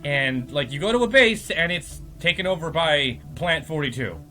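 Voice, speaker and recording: A man's voice: on the high side, expressive, normal speed, over music. A man hosting a podcast, giving a comedic, profane recap of a game plot and laughing often. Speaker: podcast host.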